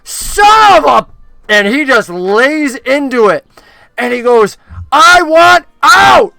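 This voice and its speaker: A game master voicing a mischievous, foul-mouthed male puppet who talks loudly and frantically. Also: lively intonation, a little slow, vocal fry, clean tone, no room sound, faint music behind, poor audio. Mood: furious. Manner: frantic, loud and high-pitched.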